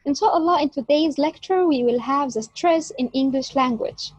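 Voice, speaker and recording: A woman giving an online English lecture, explaining word stress with slow, emphatic examples. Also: sits high, no room sound, low-quality recording. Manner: slow, emphatic teaching delivery. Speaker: English teacher.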